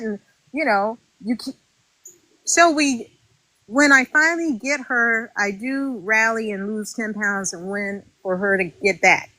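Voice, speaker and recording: Former reality contestant, woman, higher voice, close dry mic, animated and aggrieved. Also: unhurried, no echo, poor audio. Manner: animated and indignant, acts out quotes. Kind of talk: casual interview storytelling.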